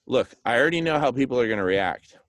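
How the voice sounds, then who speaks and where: Enthusiastic man pitching a plan. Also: lively intonation, fast, a bit bright, dry recording. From Hispanic background, speaks Spanish. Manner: enthusiastic, acts out little scenes, says "right?" often. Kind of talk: animated monologue.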